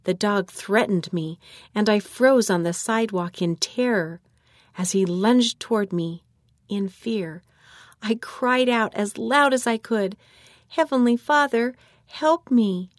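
A woman's voice: mid-range voice, a little slow, no echo, clean studio sound, close to an everyday voice. A woman reading aloud a mother's memory of a frightening childhood moment, with her voice rising at the cry for help. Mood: fearful. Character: grown woman recalling childhood terror. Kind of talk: read-aloud quoted story.

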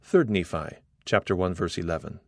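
A man's voice: sits low, no echo. Earnest man reading in a dry booth. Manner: measured, earnest reading with quoted scripture. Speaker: narrator reading an article aloud. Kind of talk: scripted narration.

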